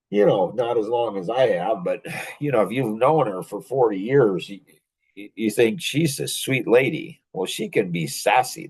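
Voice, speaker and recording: A man in his sixties hosting a podcast, telling stories in a sarcastic, rambling way with many fillers and big leaps in pitch. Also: poor audio. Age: 60s. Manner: many fillers like "like" and "you know". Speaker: podcast host. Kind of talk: casual monologue.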